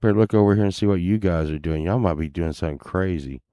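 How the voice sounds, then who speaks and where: A man chats casually to viewers while browsing listings, laid-back and mumbling, tossing in muttered asides and curses. His low, mellow voice moves fast, with clean studio sound and no room sound.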